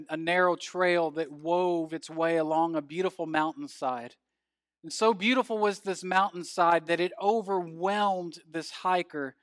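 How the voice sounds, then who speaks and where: A man preaching as pastor, reading scripture in a measured, earnest way and telling a story, his phrase ends falling soft. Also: sits high, dry recording, studio quality.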